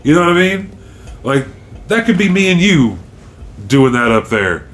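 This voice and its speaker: A man's voice: very animated, moderate pace, fairly bright tone. Man, podcast co-host, casual storytelling, easygoing, faint background hiss. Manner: laid-back, jokey, acts out quotes in high voices. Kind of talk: casual chat.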